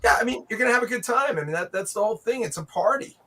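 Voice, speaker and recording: A middle-aged man with a slightly raised, bright voice tells a story casually on a radio show. He halts often and fills the gaps with ums and uhs. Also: high voice, expressive, very fast. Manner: hesitant storytelling with many fillers. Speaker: guest's father.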